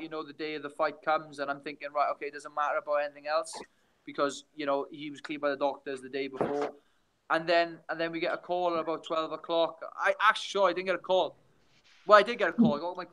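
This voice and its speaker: Bright-voiced young Welsh man. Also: on the high side, clean tone, low-quality recording. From Wales. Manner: rambling storyteller, many restarts. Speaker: guest fighter. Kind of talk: casual chat on a video call.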